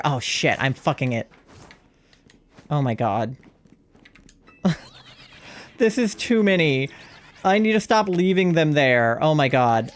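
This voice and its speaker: Excitable young man streaming a game. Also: a little high, normal speed, long pauses. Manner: excitable, panicky, swears a lot; chatty and rambling when calm. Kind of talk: live game stream commentary.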